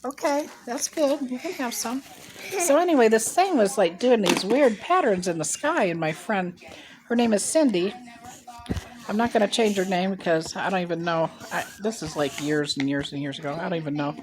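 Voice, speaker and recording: A woman's voice: medium pitch, lively intonation, normal speed, slight background noise. A woman in her sixties from Ohio, telling a rambling personal story to camera on a handheld phone, with chatty asides as she eats. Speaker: mukbang vlogger.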